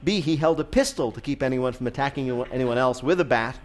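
A man's voice: mid-range voice, quick pace. A man hosting a radio quiz, reading questions playfully and laughing often. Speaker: quiz show host.

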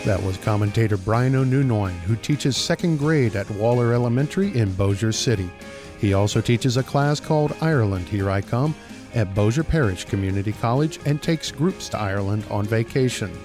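Male announcer, steady outro read, guitar music bed behind. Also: lowish voice, moderate pace. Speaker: radio host. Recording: radio voice over guitar music.

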